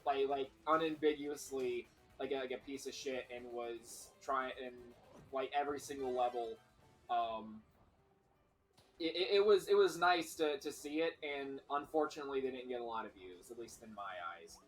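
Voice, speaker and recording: A man's voice: mid-range voice, normal speed, soft background music, poor audio. A man on a casual game stream, rambling through a story with lots of fillers and swearing. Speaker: streamer co-host.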